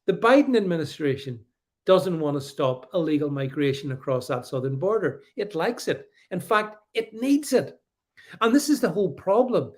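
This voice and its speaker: Animated, higher-pitched male livestream host. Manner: animated, emphatic, with frequent restarts and stammers; sarcastic asides. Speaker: livestream host reading viewer comments. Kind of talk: opinionated political commentary livestream.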